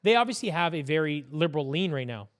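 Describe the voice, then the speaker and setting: A man's voice: on the high side, sing-song, fast. A man speaking as a podcast guest in casual political chat, blunt and opinionated, with some swearing. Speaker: podcast guest, business owner.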